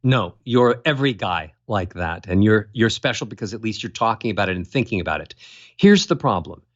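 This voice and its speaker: A man's voice: lowish voice, expressive, brisk, muffled recording. A man speaking as a voice coach guest in an interview, demonstrating voices and melodies as he explains. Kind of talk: animated interview talk.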